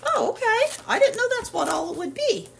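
A woman's voice: very high-pitched, big pitch swings, normal speed, creaky, a little hiss or hum. A woman chatting casually through a home haul video, rambling with lots of fillers, in her kitchen at home. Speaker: haul vlogger. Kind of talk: casual product haul chat.

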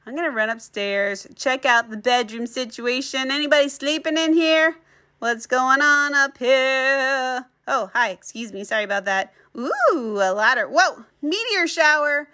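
A woman's voice: high voice, a little slow, bright, forceful tone. A middle-aged woman giving playful, chatty commentary on her own gameplay as the channel's host, exclaiming often.

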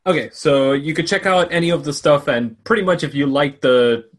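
A man's voice: on the high side, normal speed. A man on a podcast as a guest, laid-back and teasing, describing his own film talk show. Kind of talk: casual chat.

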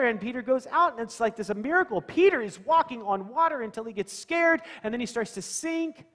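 A man's voice: very high-pitched, animated, brisk, hardly any pauses, a bit bright, big-room sound. A male pastor giving a conversational sermon in a church, asking the congregation questions and acting out scenes. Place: church sanctuary.

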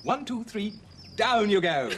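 An actor playing a charming, teasing gentleman with a jovial, theatrical manner in a 1970s period drama. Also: high-pitched, big pitch swings, unhurried. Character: charming upper-class Edwardian gentleman. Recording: hissy old TV soundtrack.

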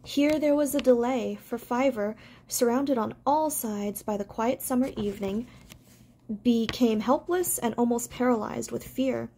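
A woman's voice: a little high, measured pace, slight background noise. Woman reading a storybook aloud. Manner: gentle, unpolished reading with small stumbles. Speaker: amateur audiobook reader. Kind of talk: audiobook narration.

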